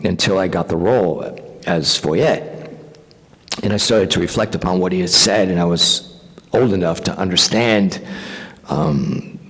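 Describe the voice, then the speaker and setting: A man, an actor guest at a fan convention panel, telling animated anecdotes with casual swearing. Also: low-pitched. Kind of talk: convention Q&A storytelling. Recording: long reverb of a convention hall.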